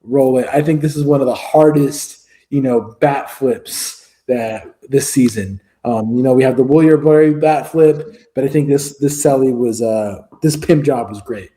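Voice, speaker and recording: A man's voice: medium pitch, moderate pace, dark tone. A man co-hosting a sports podcast in casual chat, joking and rambling with fillers. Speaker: podcast co-host.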